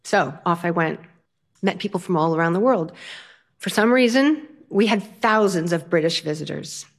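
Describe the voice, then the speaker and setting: An older woman, a self-taught storyteller, telling a personal story in a lively, humorous way, her pitch jumping up for punchlines. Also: moderate pace. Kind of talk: personal story told to an audience.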